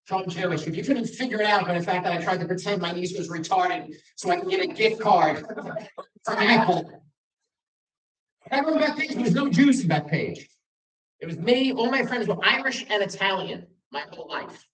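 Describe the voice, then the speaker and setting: A man's voice: sits high, lively intonation, moderate pace, a bit bright. A middle-aged man tells self-deprecating stand-up stories, his voice swooping up and down as he acts out both sides of a conversation. He sounds a little off the mic, and the room around him echoes. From Long Island, New York. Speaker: stand-up comedian. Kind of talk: stand-up comedy set. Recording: roomy venue, mic from a distance.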